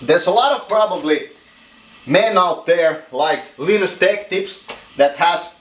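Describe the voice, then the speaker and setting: A man's voice: high-pitched, measured pace, fairly bright tone, echoey room, slight background noise. A man from Finland, rambling jokingly through a casual monologue in his home kitchen. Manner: joking, rambling, laughs often. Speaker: vlogger.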